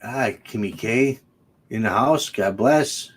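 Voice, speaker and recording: A man's voice: lowish voice, slow pace, husky. A man hosting a casual livestream chat, joking and chatty and laughing often. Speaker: host.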